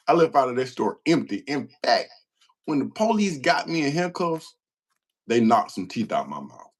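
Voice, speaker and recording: Laughing, animated man chatting on a livestream. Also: mid-range voice, a little slow, husky. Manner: laughs often while telling stories, slangy and self-mocking. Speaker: livestream host. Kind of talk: casual livestream chat reading comments.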